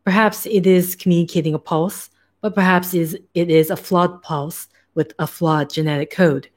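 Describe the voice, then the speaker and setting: A woman voicing a small, frail male scientist in a put-on German accent; he is devout and earnest and speaks in a formal, halting, pleading way. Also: high-pitched, lightly acted.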